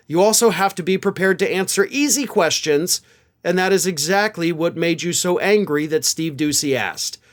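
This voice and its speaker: A male political commentator with a high voice that swings up and down as he talks. He sounds incredulous and exasperated, scoffing at what he reads out. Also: a bit bright.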